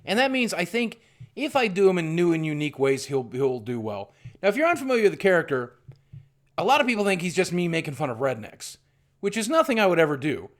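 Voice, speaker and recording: Rambling candid man, slightly high voice. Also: big pitch swings, quick pace. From southwestern Virginia. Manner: candid, rambling, self-deprecating, with restarts. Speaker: YouTuber. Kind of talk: rambling vlog monologue.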